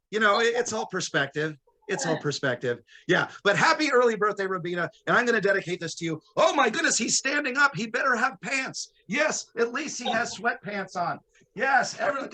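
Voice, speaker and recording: A man performing a comedic storytelling magic act over a video call, playful and teasing with quick asides. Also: high-pitched, bright, forceful tone. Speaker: stage magician.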